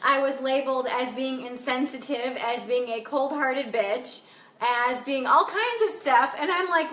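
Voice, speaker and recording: A woman's voice: high voice, a little slow, a bit bright, roomy sound. A woman life coach chatting on a live stream, reading comments aloud and talking in a blunt, emphatic way with casual swearing.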